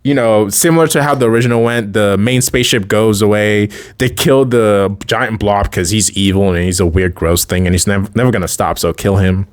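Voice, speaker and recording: A fan video creator gives casual, rambling commentary, often correcting himself mid-sentence and chuckling between thoughts. His voice is fairly low with fairly even intonation, and he talks briskly with few pauses.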